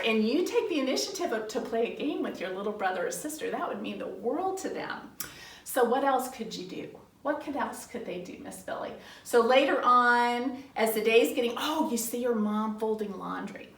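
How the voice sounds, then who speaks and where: A middle-aged woman teaching young children in an animated, sing-song way, acting out little family dialogues. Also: fairly high pitch, moderate pace. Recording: roomy, from some distance off the mic.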